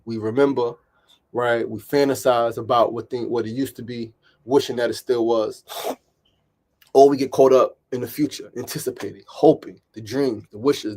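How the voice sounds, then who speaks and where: A man's voice: mid-range voice, gravelly, a little mellow. Middle-aged new guy giving a pep talk, keeps saying right, swears a bit. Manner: emphatic and repetitive, with frequent "right?" and mild swearing. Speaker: podcast host. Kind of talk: motivational daily talk.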